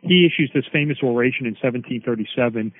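A man's voice: medium pitch, quick pace, no echo. A man explaining history as an interview guest, rambling with many fillers. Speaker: guest expert on Freemasonry. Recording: dry, tinny phone line.

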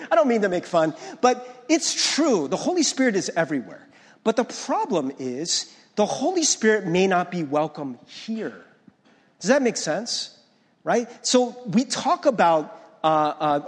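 A male pastor with a very high voice preaches a conversational sermon in a big-sounding room. He frequently checks in with the congregation, restarting and stumbling over his words.

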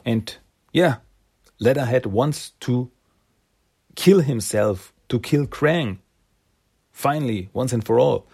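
A man's voice: mid-range voice, slow, gravelly, long pauses, mellow, slightly rough. A man casually retelling a comic story, rambling with fillers and slipping into character voices. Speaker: comic recap host.

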